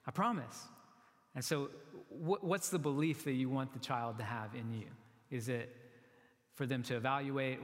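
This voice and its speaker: A man's voice: medium pitch, normal speed. A man preaches with an earnest, conversational delivery and a mid-range voice, often starting a phrase over before he finishes it. His voice rings with the long reverb of a large church hall. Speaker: pastor. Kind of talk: sermon.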